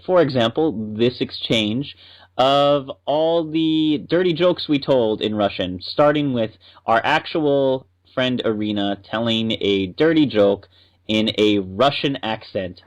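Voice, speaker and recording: A man's voice: mid-range voice, slow, lo-fi sound. A man co-hosting a podcast, chatting and explaining at length. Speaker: podcast co-host. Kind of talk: casual podcast chat.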